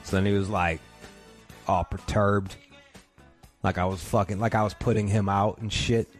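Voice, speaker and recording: A man's voice: lowish voice, fairly even intonation, normal speed, faint music behind. A man hosting a podcast from home, telling profane, rambling comic stories. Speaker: podcast host. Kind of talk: crude comedic rant. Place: home couch.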